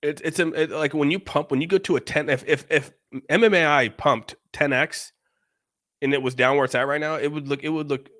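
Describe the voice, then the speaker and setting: A man's voice: on the high side, fairly even intonation, fairly quick, fairly bright tone, no room sound, clean studio sound. A man in casual podcast chat, blunt and profane, rambling with lots of restarts.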